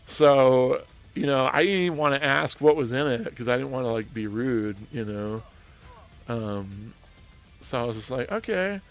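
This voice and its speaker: A man's voice: mid-range voice, fairly even intonation, normal speed. A man hosting a gaming livestream, telling a story in a chatty way with frequent laughter and restarts, with faint music behind him. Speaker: streamer host.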